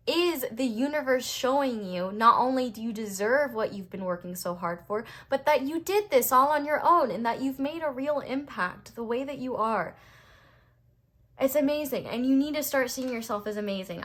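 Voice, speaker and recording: Bright, blunt young woman reading tarot. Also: a little high. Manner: blunt, passionate, fired up, lots of "like". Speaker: tarot reader. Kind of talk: casual spoken tarot reading.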